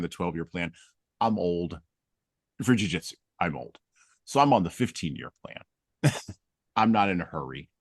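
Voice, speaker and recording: A man's voice: sits low, dry recording, studio quality. A man hosting a podcast, chatting casually and telling humorous stories with self-deprecating jokes. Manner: humorous storytelling. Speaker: podcast host. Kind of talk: casual conversation.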